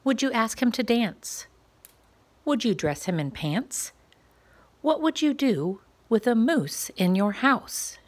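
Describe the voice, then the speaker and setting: A woman reading a rhyming picture book aloud to preschoolers, asking playful questions in a gentle, sing-song way. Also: a little high, sing-song, takes it slowly. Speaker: children's story reader.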